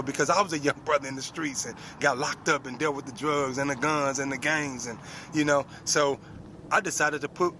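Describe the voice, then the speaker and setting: A man in his forties tells a personal story to an audience, speaking plainly and mixing in street slang. His voice sits a little higher than most men's. Steady background noise runs under the recording. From United States.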